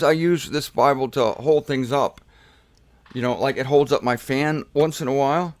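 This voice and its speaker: A man's voice: mid-range voice, normal speed, dry recording. A man teaching scripture in a casual, playful way, stressing and repeating key words. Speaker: Bible teacher. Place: home room.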